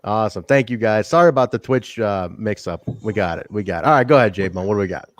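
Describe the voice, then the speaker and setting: A man's voice: lowish voice, fast, no echo. A man hosting a casual wrestling podcast, laid-back and joking as he passes the mic to his co-hosts. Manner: laid-back, laughing, lively banter. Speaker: podcast host.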